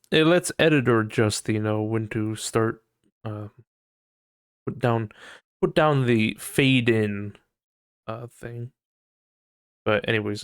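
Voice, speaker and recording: A man's voice: clean tone, no echo. Rambling young-sounding man on a dry mic. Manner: rambling, swears, mocks people in high put-on voices. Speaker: podcast host. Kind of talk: casual solo podcast chat. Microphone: desk mic on voice chat.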